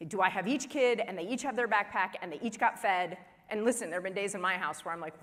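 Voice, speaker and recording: A woman in her forties giving a humorous keynote speech at a conference, telling family stories in an animated way and acting out the dialogue. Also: mid-range voice, fast, few pauses. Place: large conference hall. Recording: long reverb of a large hall.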